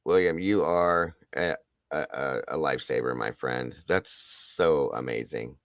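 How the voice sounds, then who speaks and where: A very deep-voiced man hosts a livestream and talks casually to his viewers, thanking them over and over with open emotion. The sound is dry and close, with no room around it. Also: unhurried, gravelly, fairly bright tone, no room sound. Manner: emotional, effusive, repeats thanks and praise. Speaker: livestream host.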